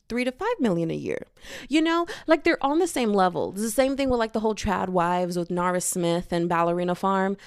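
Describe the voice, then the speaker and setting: A woman's voice: mid-range voice, clear, resonant tone, dry recording, clean studio sound. A young woman hosting a podcast, talking casually in a slangy, chatty way and acting out the people she quotes. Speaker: podcast host. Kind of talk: casual commentary monologue.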